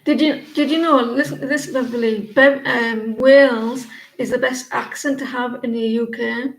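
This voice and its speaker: A woman's voice: fairly high pitch, fairly even intonation, moderate pace, gravelly, reverberant, low-quality recording. A woman in her forties giving a casual live-stream tarot reading, rambling and chatty, often restarting her sentences. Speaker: tarot reader.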